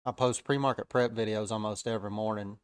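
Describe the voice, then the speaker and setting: A man's voice: fairly low pitch, fairly even intonation, fast, clear, resonant tone, no room sound. A man with a Southern US accent casually commenting on live trades, easygoing and chatty with frequent "uh" fillers. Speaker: day-trading live-stream host.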